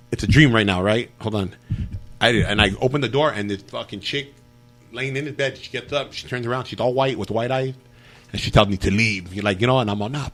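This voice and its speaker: Man, podcast guest, rapid casual storytelling, profane, animated. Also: mid-range voice.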